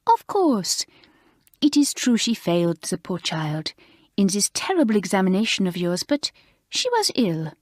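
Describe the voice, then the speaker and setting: A woman voicing Mamselle, a fussy, excitable older French schoolmistress in an audiobook, gushing and sympathetic. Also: medium pitch, measured pace, no echo, studio quality. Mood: fussing.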